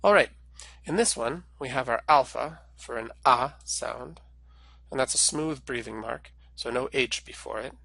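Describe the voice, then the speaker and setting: A man teaching a recorded language lesson, walking through each sound patiently and clearly. His voice has a gravelly edge and a bright, forward tone. The sound is close and dry. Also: medium pitch, a little slow, dry recording. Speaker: Greek language instructor.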